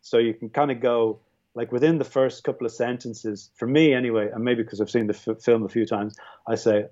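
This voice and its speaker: A man's voice: medium pitch, steady tone, moderate pace, darkish tone, highs cut off. An Irish man, a guest on a podcast, talking through films thoughtfully with many restarts and "you know"s. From Ireland. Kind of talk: casual film discussion.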